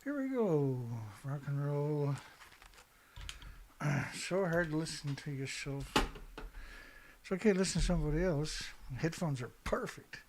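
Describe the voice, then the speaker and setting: A middle-aged man hosting a casual livestream, rambling and chatty, clearing his throat often and swearing now and then. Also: on the high side, expressive, unhurried, long pauses, a little mellow. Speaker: show host.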